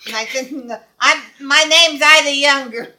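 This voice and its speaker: An older woman telling a lively personal story, laughing often and acting out the people in it. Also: high voice, unhurried, low-quality recording. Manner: acts out quoted dialogue. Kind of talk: casual anecdote.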